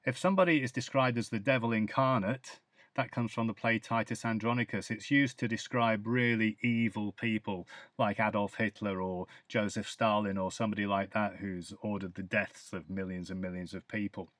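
A British-accented man giving a podcast English lesson, his voice bright and forceful. He walks through each phrase and acts out example sentences to show how it is used. The recording is close and dry, with no room sound. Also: lowish voice, fairly even intonation, moderate pace, no room sound. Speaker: English teacher.

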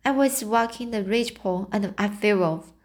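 A woman's voice: mid-range voice, moderate pace, a little mellow, close to an everyday voice. A woman reading an audiobook voices a young girl who talks in an earnest, dramatic way. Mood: brave. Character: imaginative talkative young girl.

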